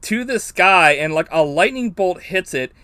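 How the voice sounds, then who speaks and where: A man hosting a podcast, chatting casually and recounting a movie in a rambling, profane, animated way. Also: high-pitched, moderate pace, smooth, no room sound. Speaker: podcast host. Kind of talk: casual movie-review chat.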